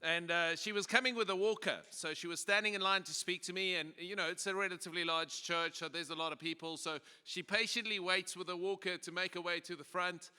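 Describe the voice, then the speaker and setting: A South African man gives a lighthearted conference talk, easygoing and full of restarts. His voice is sharp and bright, clear and smooth. It rings out through a long-echo hall. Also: sits high, steady tone, brisk, few pauses. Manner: joking, conversational, many fillers and restarts. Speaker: pastor and conference speaker. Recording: echoey hall PA.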